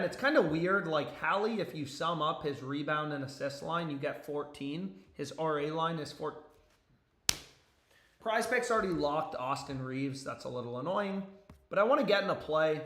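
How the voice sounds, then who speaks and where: A young man chats on a live stream from his basement, his voice a bit higher than most men's. He rambles, swears freely and jumps between topics with rising excitement. The room gives his voice an echo. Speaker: sports betting streamer. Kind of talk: casual live-stream chat. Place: home basement.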